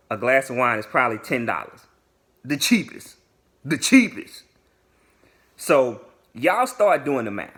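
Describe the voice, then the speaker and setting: Young man, bright and animated storyteller, slangy vlog narration that acts out every quote. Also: mid-range voice. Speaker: vlogger telling a dating story. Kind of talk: casual storytime.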